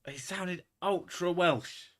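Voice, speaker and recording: A man hosting a casual chat podcast, telling stories in an animated, sweary way. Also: high voice, slow. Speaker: podcast host.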